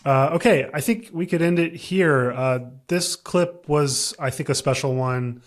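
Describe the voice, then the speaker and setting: A man co-hosting a podcast in casual chat, relaxed and easygoing as he introduces a clip. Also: a little high, measured pace. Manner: relaxed, easygoing, many "uh" fillers. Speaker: podcast co-host.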